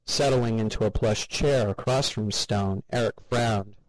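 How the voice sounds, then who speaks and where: Reading a story as an audiobook narrator, a man with a fairly low voice goes a little slowly and voices every character himself in a steady, gravelly way. The scripted narration has no echo but the recording quality is low.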